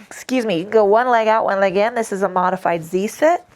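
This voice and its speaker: A woman's voice: mid-range voice, quick pace, darkish tone. A woman leading a casual yoga class, irreverent and profane, chatty and full of self-corrections. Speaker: yoga instructor. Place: home yoga space on a mat.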